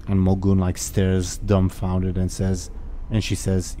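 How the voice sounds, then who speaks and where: Guy game master narrating, lots of ums and likes, low dark voice. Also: monotone, slow pace, a little hiss or hum. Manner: rambling, many fillers.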